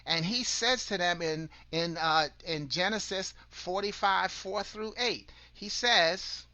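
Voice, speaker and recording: A man's voice: high voice, takes it slowly, sharp tone, no echo. A man hosting an online broadcast, giving an earnest motivational talk that draws on scripture, often repeating and restarting words and asking listeners questions.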